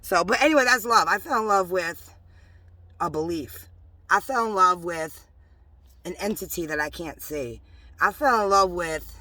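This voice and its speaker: Woman talking faith in her car, bright voice, dry close sound, rambly and worked up. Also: on the low side, no room sound. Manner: rambling, emotional, with sudden loud bursts and whispered asides. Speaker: religious vlogger. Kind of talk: casual spiritual testimony to camera. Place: inside a parked car.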